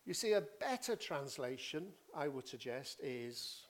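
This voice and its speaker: A man preaching an expository sermon, teaching deliberately and driving points home with emphatic repetition. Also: sits high, sing-song, a little mellow.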